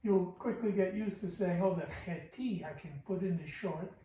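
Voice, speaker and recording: A man's voice: sits high, warm tone, a little hiss or hum. A man teaching classical Persian poetry, patiently explaining its meter and sounding out each syllable. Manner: slow, careful scansion, sounding out syllables. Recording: echoey room, voice from a distance.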